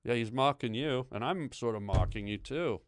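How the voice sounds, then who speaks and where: A man's voice: mid-range voice, normal speed, dry recording, studio quality. A man, a guest comedian, trading improvised comedic banter full of goofy, absurd insults and rambling fillers.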